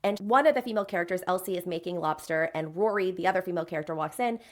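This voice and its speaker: A woman co-hosting a book podcast in casual chat, retelling scenes as an animated storyteller who laughs as she goes. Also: fairly low pitch, rapid-fire. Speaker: podcast co-host.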